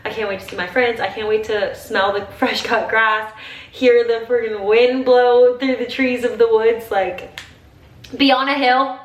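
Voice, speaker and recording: A woman's voice: fairly high pitch, steady tone, measured pace, muffled recording. Chatty young woman, roomy distant sound. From Ohio. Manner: chatty, emotional, tearful at times, heavy use of "like". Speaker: vlogger. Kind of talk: casual get-ready-with-me chat. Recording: roomy, slightly distant home audio with faint ambience.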